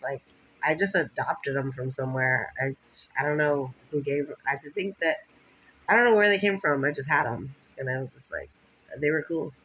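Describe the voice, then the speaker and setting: A woman's voice: low-pitched, fairly bright tone, lo-fi sound, slight background noise. A woman from Los Angeles County chatting casually in a rambling vlog, laughing often and acting out what others said. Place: lying down at home.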